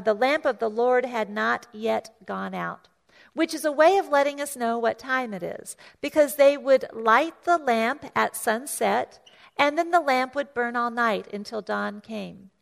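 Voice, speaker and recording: A woman pastor preaching a sermon, retelling a scripture story in a conversational way, often restarting and repeating words and lifting her voice to act out the characters. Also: creaky. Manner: storytelling, acts out voices of the story with raised pitch.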